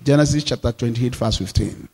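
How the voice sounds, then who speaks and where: A man, a pastor, preaching a sermon, repeating phrases and leading the congregation in call-and-response, moving between loud declarations and quiet asides. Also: medium pitch, brisk, vocal fry, husky, big-room sound.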